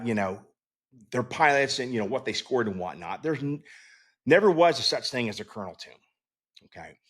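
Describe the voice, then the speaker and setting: A man's voice: mid-range voice, fairly bright tone. A middle-aged man, a Navy veteran hosting his own show, tells a story in a casual, rambling way, with lots of fillers, restarts and swearing.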